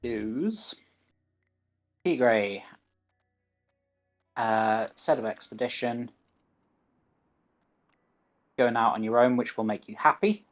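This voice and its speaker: A man with a Northern English accent talks his way through a game on a livestream, unhurried and steady, half to himself as he reads out menu choices. His voice sits at an ordinary middle pitch, and the recording is a little dull and muffled. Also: soft background music. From northern England. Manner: mutters to himself, reading game menus aloud. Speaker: gaming streamer. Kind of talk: live gameplay commentary.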